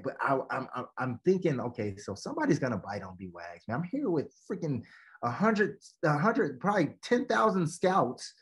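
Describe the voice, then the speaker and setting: A former football coach and educator, guesting on a podcast, tells a coaching story with animated energy in a voice on the high side at a moderate pace. It's casual storytelling where he acts out quotes and says "man" a lot.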